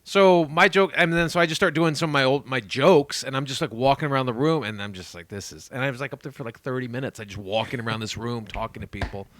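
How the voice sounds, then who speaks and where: A man's voice: medium pitch, fast talker, few pauses, a bit bright, no echo. A man, a comedian co-hosting a podcast, telling a story in loose casual chat with lots of "like".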